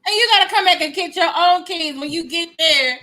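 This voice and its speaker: A woman giving sassy, animated reaction commentary aimed at the viewer. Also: very high-pitched, brisk, poor audio. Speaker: commentary YouTuber.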